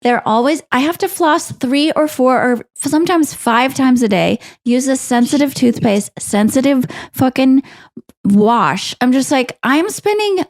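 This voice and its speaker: A woman co-hosting a podcast, ranting in a casual, animated way. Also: high-pitched, unhurried. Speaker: podcast co-host. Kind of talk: casual chat.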